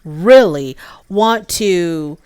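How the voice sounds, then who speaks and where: A woman's voice: lowish voice, animated, drawn-out words, darkish tone, clean tone, no room sound. A woman giving a casual, opinionated recap of a show, chatty and full of fillers. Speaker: show reviewer.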